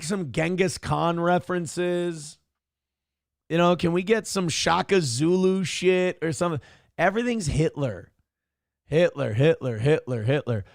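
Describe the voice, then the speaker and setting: Gravelly sarcastic man ranting. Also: on the high side, dry recording, clean studio sound. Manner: sarcastic, ranting, swears freely. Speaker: show host reacting to clips. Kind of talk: profane mocking commentary.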